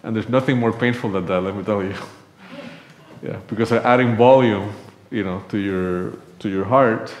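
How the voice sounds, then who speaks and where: A man's voice: on the low side, normal speed, slight background noise. A man preaching a sermon in a church, telling a personal story in a conversational way and acting out the dialogue. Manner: conversational, acts out quoted dialogue. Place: church sanctuary. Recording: echoey church room.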